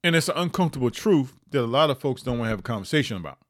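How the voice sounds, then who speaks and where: A man hosting a podcast, giving opinionated year-end commentary with emphatic delivery and sudden high rises on stressed points. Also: very animated, rapid-fire, no room sound, studio quality. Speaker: podcast host.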